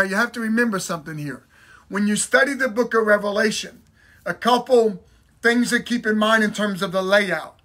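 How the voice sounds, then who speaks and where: A man teaching a Bible lesson in a sermon style, emphatic, repeating key phrases and slowing down to stress them. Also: sits high, bright, forceful tone. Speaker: pastor teaching a Bible study.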